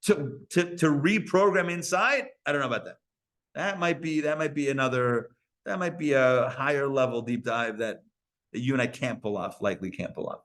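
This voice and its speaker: A rabbi giving a live Torah lecture to an audience at a community center, talking in a conversational way with playful asides to the listeners. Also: male voice, mid-range voice, moderate pace, a bit bright. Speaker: rabbi teaching a class.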